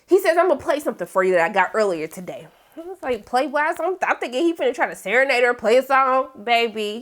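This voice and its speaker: A young woman giving a casual TV episode recap, animated and acting out characters with exaggerated reactions. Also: high voice. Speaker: TV recap host.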